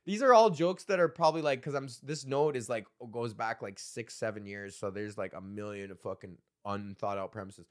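Talking a little fast with hardly any pauses, this man in his thirties runs a solo comedy podcast. His voice is on the low side as he reads old jokes aloud, rambles, swears and cracks himself up.

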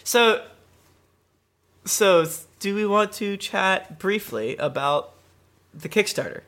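A man's voice: sits high, animated, takes it slowly, fairly bright tone. A man co-hosting a podcast, reading listener messages aloud in a jokey way and laughing as he goes. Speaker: podcast co-host.

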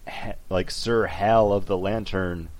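A man chatting casually among friends on a podcast. His voice sits a little low, and he talks in quick, animated bursts full of fillers and restarts. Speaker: podcast co-host. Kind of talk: casual chat.

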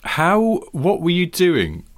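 A man's voice: high voice, huge pitch swings, takes it slowly. A British man co-hosting a podcast, musing wryly in casual chat. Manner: wry, musing.

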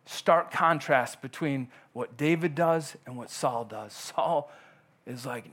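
A man's voice: mid-range voice, slow, a bit bright. A male pastor delivering a conversational sermon in church, often acting out quoted dialogue.

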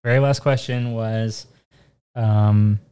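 A man's voice: fairly low pitch, fairly even intonation, slow pace, dark tone, smooth. Man co-host, casual chat, easygoing, meandering delivery. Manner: laid-back, rambling, trails off. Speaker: podcast co-host.

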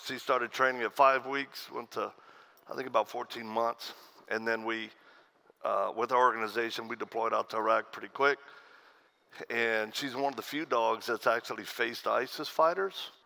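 Bright-voiced man telling folksy stage stories. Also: medium pitch, steady tone, normal speed, vocal fry. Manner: folksy storyteller, acts out quoted voices, laughs at own stories. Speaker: pastor. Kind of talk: humorous speech to a conference crowd. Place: conference stage.

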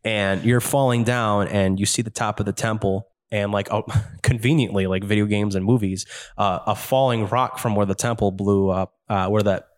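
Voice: sits low, fairly even intonation, moderate pace, few pauses. A game master narrating a tabletop game in a loose, rambling way, often laughing.

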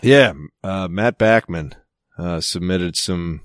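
A man's voice: sits low, slow pace, dry recording. A man co-hosting a podcast in casual chat, laid-back and dry, swearing freely. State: clearing throat with hiccups. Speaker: podcast co-host.

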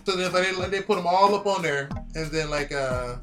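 A man in casual chat, telling a story in an animated, profane way and acting out quotes. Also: sits high, normal speed, music in the background.

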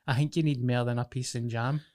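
A Glaswegian man with a cold, co-hosting a podcast in loose, sweary chat. He jokes freely, and his voice sits at an ordinary middle pitch for a man. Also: steady tone, brisk, a little mellow. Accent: Glaswegian Scottish. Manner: sweary, jokey, puts on voices for quoted people. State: has a cold. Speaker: podcast co-host. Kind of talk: casual chat.

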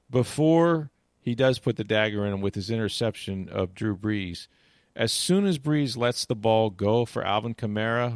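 A man's voice: fairly low pitch, no room sound, clean studio sound. A man talking casually about sports, rambling with many restarts and "you know"s, and retelling game moments with animation. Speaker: sports commentator. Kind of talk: casual chat.

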